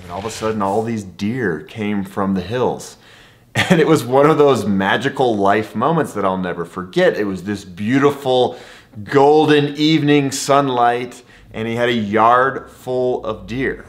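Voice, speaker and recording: A man's voice: mid-range voice, measured pace. Enthusiastic male vlogger with an everyday mid-range voice, chatty storytelling. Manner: enthusiastic, conversational. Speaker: travel vlogger. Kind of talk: storytelling to camera.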